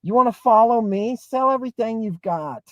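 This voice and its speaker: A man's voice: very high voice, lively intonation, normal speed, no room sound, muffled recording. Emphatic man hosting a livestream. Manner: emphatic, rambling, keeps asking "right?". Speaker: host. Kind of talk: livestream talk with chat.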